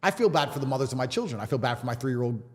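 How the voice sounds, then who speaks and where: Emphatic Englishman with a lively voice. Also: medium pitch, very fast, in a large hall. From England. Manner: emphatic, repetitive rhetorical speech. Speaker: interview guest. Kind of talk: podcast conversation.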